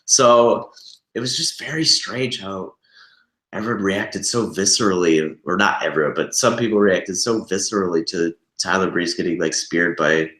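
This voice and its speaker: Low-voiced young man, chatty and roomy. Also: normal speed, a bit bright. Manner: rambling, filler-heavy, says "like" constantly. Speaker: podcast co-host. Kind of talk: casual chat.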